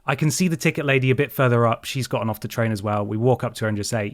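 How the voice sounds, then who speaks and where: A man hosting a podcast who tells a story in an animated way and swears a lot. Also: mid-range voice, very fast, few pauses, no echo, clean studio sound. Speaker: podcast host. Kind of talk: casual chat, storytelling.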